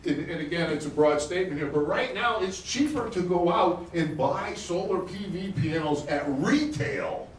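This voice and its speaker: A middle-aged man giving a live conference talk in an animated, excitable way, laughing as he speaks. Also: high voice, normal speed, few pauses, slight background noise. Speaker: conference speaker, energy advocate. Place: conference hall. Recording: roomy hall, distant mic, faint ambience.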